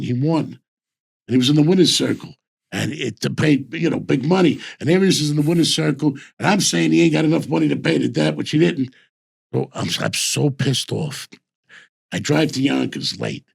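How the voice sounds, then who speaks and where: An older man, a host who used to be a bookmaker, tells rambling stories in casual conversation, repeatedly saying "I says" and restarting sentences. His gravelly, husky voice sits at a medium pitch, expressive and moderately paced.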